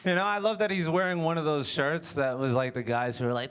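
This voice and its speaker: A man's voice: on the high side, steady tone, brisk, fairly bright tone, a little hiss or hum. A man doing stand-up at a winery comedy show, with a wry, offhand delivery. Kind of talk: improvised stand-up set.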